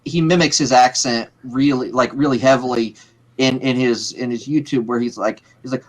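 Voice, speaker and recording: A man's voice: medium pitch, fairly even intonation, normal speed. A man co-hosting a casual chat who rambles, repeats words and slips into playful impressions. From Pittsburgh area. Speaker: podcast co-host.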